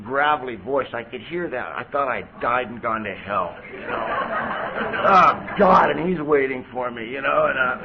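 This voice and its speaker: A man sharing his personal recovery story at a meeting, in a conversational way with lots of "you know.". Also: a little high. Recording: tinny phone-like tape with faint hiss.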